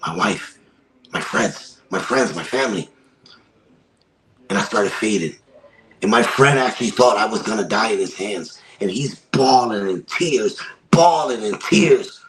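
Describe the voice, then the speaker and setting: Gravelly-voiced guy on a podcast telling a wild story, keeps repeating himself for effect. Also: medium pitch, fairly bright tone, a little hiss or hum, rough recording. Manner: emphatic, repeats phrases for effect. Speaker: podcast guest from a wrestling promotion. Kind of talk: dramatic personal storytelling.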